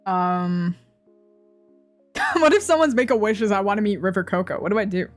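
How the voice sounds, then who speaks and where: A woman's voice: medium pitch, lively intonation, moderate pace, soft background music. A young woman streamer chatting casually, rambling and swearing, often laughing at her own jokes.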